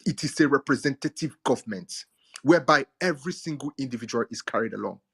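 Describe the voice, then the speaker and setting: In a live audio chat room, a Nigerian man lectures emphatically on politics, repeating key words to drive them home. His medium-pitched voice is husky, with vocal fry, and he talks fast and animatedly. The sound comes through an audio chat stream.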